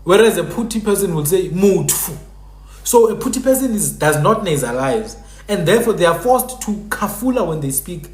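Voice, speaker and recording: A man hosts a TikTok live stream and talks about languages in an animated way, imitating how dialects sound. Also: high-pitched, brisk. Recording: echoey room.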